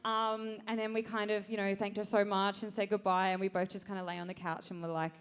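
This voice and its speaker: A woman's voice: medium pitch, a little fast. A young woman telling a comic story on a live stage, acting out her own quotes with lots of energy. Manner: animated, acts out quotes, laughs through story.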